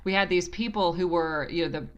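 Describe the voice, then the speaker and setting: A woman's voice: lowish voice, a little fast, muffled recording. A woman in her forties with a Southern American accent, a podcast guest speaking reflectively with frequent restarts and easy laughter. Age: 40s. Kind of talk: casual interview talk.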